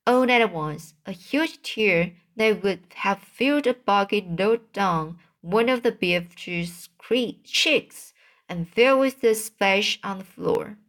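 Slow-reading woman reading a storybook aloud. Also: medium pitch, lively intonation, fairly bright tone. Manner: slow, careful, with small slips and restarts. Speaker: reader. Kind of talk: reading a children's book aloud.

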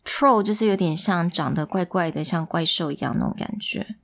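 A woman's voice: lowish voice, fairly quick, vocal fry. A woman reading a storybook to a child, playful and full of questions. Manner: playful, asks questions, switches languages. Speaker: bilingual storyteller.

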